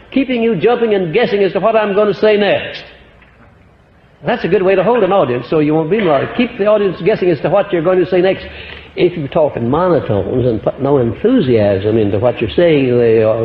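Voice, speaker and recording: American guy giving a pep lecture, highish voice, old muffled tape, big echoey hall. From United States. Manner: emphatic, swinging pitch and loudness. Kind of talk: motivational lecture. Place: lecture hall with live audience.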